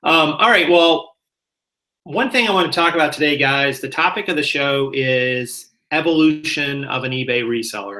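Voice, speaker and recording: A man's voice: medium pitch, moderate pace, bright, forceful tone, rough recording. A middle-aged man from the American South with a light Southern accent, hosting a casual chat about reselling and rambling a little as he corrects himself. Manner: chatty, rambling, self-correcting. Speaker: reseller channel host.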